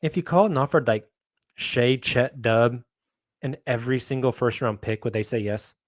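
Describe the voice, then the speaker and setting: A man's voice: mid-range voice, normal speed, no room sound. Guy hosting a sports podcast panel, upbeat, dry close mic. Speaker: podcast host. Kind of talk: casual sports podcast chat.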